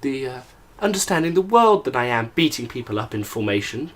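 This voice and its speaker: A man's voice: mid-range voice, sing-song, brisk, a bit bright. A young British man chatting casually in a group conversation, rambling with many fillers and restarts. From Britain.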